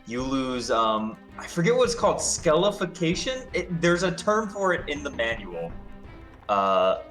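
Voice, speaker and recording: A man's voice: on the high side, big pitch swings, unhurried, a bit bright, soft background music. A man commentating a game stream, explaining the mechanics in a hesitant, explanatory way.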